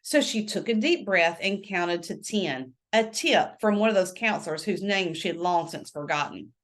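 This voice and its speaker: A woman reading a novel aloud with expressive storytelling. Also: lowish voice, normal speed. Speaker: book reader.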